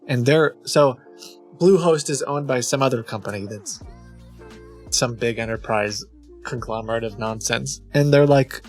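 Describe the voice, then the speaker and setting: A man in his thirties talks casually as a show host at a medium, everyday pitch. He rambles through the tale with clear exasperation, and soft music plays faintly behind him. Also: unhurried. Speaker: streamer and host of a scam-baiting show. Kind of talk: casual chat.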